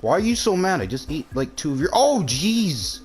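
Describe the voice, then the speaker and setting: Excitable man yelling over a game. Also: fairly high pitch, moderate pace, soft background music. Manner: jumps from calm mutters to shrieking yells; swears and jokes with in-game creatures. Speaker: gameplay commentator. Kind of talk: excitable gameplay commentary.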